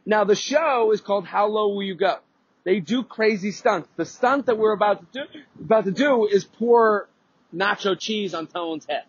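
A man with a high, husky voice rants through an anecdote on his podcast, swearing freely and often circling back to restart a thought. The sound is dry and a little dull, with no room around it. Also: normal speed, no room sound. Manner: rambling, profane, lots of restarts and fillers. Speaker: podcast host. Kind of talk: casual storytelling rant.

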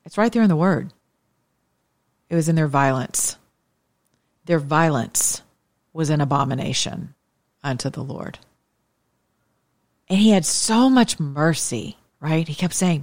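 A woman's voice: deep voice, a little slow, pauses often, a little mellow, no echo. A woman with a Southern accent hosting a faith talk show, joking and preaching with lots of rhetorical questions. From Southern United States. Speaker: show host.

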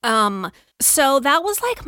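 A woman co-hosting a podcast, telling a personal story earnestly and candidly, often in quick bursts full of "like.". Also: high voice, sing-song, sharp tone, no echo, studio quality. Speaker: podcast co-host.

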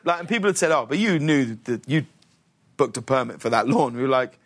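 A man, a guest on a talk show, telling an animated story in a television studio. He laughs often and fills his speech with "like" and "uh". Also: mid-range voice, a little fast.

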